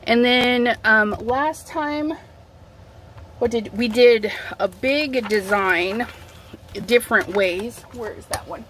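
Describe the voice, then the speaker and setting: A woman's voice: a little high, slow, a bit bright, slight background noise. A middle-aged woman hosting a casual craft livestream from home on her phone, chatting while she sets up and reading out viewer comments, a bit sniffly from allergies. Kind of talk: casual live-stream chat.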